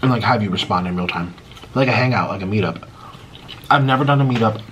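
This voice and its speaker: An American mukbang YouTuber rambles casually to his viewers while eating, chatty and constantly stopping and restarting his sentences. He talks fast in a fairly low, fairly bright voice, with a little hiss or hum in the audio.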